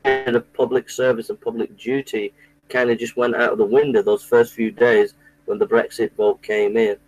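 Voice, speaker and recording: A man's voice: mid-range voice, level tone, moderate pace, darkish tone, faint music behind, poor audio. A man delivering an indignant, repetitive political rant, often restarting his sentences. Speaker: political commentator. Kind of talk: impassioned monologue to camera.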